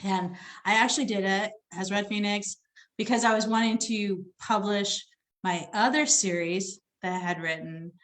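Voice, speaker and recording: A woman romance author talking casually about her writing, chatty and quick to laugh. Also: mid-range voice, fairly even intonation. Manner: chatty, warm laughs, repeats herself. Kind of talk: casual chat.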